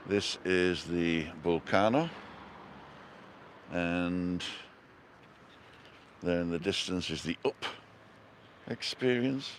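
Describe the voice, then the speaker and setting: A man's voice: low-pitched, a bit bright, a little hiss or hum. A man hosting a casual live walking vlog outdoors, chatting and greeting viewers by name as he goes. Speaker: vlog host on a live stream. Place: outdoors on a town street and park.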